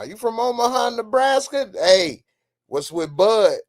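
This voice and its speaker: A man hosting a casual live stream, ranting emphatically as he answers viewers' comments. His voice sits a little higher than most men's, and his delivery is loose and conversational. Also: animated, a little slow.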